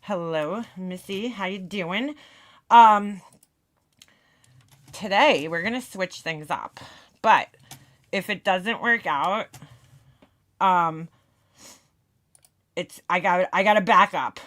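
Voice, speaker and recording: A young woman talks to her live stream chat in a loose, chatty way, dropping the odd swear word as she greets people. Her voice is bright and forward, and she sounds a little winded. She keeps things casual and friendly. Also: medium pitch, takes it slowly, pauses often. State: out of breath.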